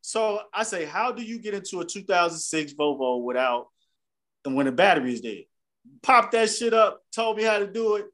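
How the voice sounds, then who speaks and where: A man with a high voice tells a rambling, profane story as he co-hosts a podcast. He talks in loose, casual chat. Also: animated, moderate pace, fairly bright tone. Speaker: podcast co-host.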